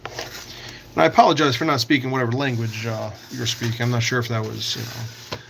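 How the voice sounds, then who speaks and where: A man's voice: medium pitch, steady tone, brisk, creaky, a bit bright, slight background noise. A man hosting a casual livestream, reading out and answering viewer comments while he works on a craft project. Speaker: livestream host.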